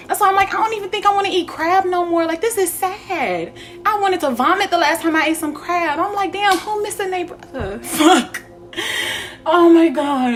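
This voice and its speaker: A young woman, talking to her viewers in a casual, profane spiritual vlog, animated and laughing often. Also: very high voice. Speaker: spiritual vlogger.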